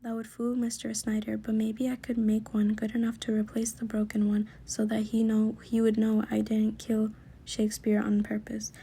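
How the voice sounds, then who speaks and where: A woman reading a children's book aloud in a soft, often whispered narration. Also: a little high, completely flat delivery, normal speed, gravelly, a little hiss or hum. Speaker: story reader.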